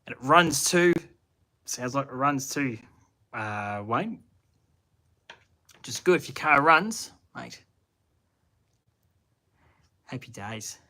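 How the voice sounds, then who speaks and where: Taking it slowly with frequent pauses, a channel host with a broad Australian accent answers live chat from his shed at night. His mid-range voice is animated, pushed and bright as he rambles and thinks aloud in slang.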